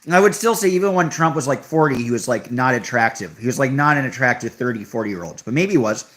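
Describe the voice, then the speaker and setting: Reading chat on his live stream, a young male host responds to viewer comments with casual, offhand sarcasm. His mid-range voice is expressive and fairly bright, and he talks at a quick pace.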